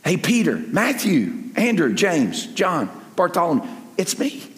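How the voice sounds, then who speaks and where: A preacher speaking as a calm man reassuring his frightened friends, in a soft, gentle voice with a long hall echo. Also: sits high, a little slow, pitched above the performer's own voice, heavily acted.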